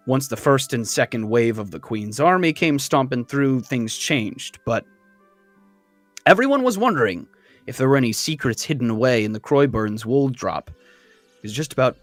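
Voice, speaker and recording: A man running a tabletop game as dungeon master, narrating in a relaxed, conversational way. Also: mid-range voice, dry recording.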